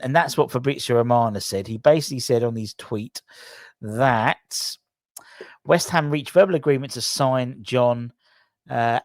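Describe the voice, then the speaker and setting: A man's voice: medium pitch, a little mellow, no room sound. A man hosting a fan news channel, rambling and correcting himself as he thinks aloud. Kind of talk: casual news vlog.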